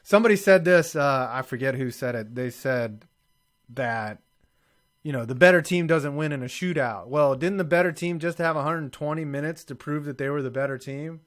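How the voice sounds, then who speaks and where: A man's voice: a little high, moderate pace. A man hosting a live-streamed sports talk show, ranting hot takes with lots of swearing in casual banter.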